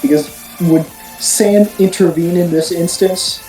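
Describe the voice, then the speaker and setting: A woman's voice: fairly low pitch, fairly even intonation, slow pace, warm tone, faint music behind. A woman player in a tabletop role-play game who talks in a hesitant, wry way. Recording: echoey room.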